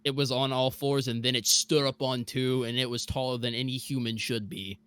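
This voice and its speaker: A young man from Mississippi telling a scary true story on a podcast, animated and full of fillers. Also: mid-range voice, normal speed, clear, resonant tone, no room sound. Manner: animated, many fillers like "like" and "bro". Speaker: guest storyteller.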